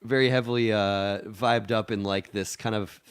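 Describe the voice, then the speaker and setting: A man's voice: lowish voice, steady tone, normal speed, clear, resonant tone. A young man from Texas, a musician guest on a podcast, chatting casually in a rambling, hesitant way with lots of fillers. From Austin, Texas. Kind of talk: casual chat.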